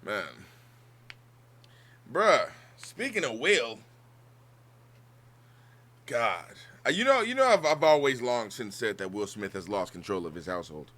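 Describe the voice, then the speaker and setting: A man hosting a casual livestream chat, his voice bright and ringing as it leaps up and down in lively swings. He jokes constantly, swears freely and breaks into laughter between riffs. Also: medium pitch, a little slow, long pauses. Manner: joking, swears a lot, laughs often. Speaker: streamer hosting a guest.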